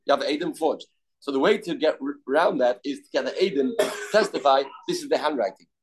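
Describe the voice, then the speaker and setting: A man's voice: medium pitch, fast talker, low-quality recording. A man teaching a daily Talmud class, explaining loosely with restarts and of terms.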